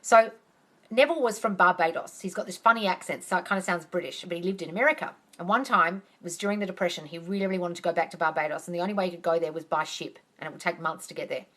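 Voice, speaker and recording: A woman's voice: on the low side, fast. Chatty woman telling a story on a livestream. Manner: chatty, animated storyteller who acts out quotes. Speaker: manifesting coach. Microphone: phone livestream.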